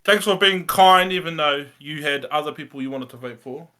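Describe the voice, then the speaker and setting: A man's voice: on the high side, moderate pace, pushed and bright. A man, a music producer, talking casually and modestly about his process, hesitating with lots of fillers. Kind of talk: casual chat.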